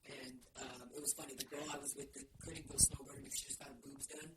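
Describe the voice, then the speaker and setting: A woman co-hosts a podcast in casual chat, telling blunt stories packed with swearing. Her voice is rumbling low with fairly even intonation and a fast pace, on a noisy podcast recording.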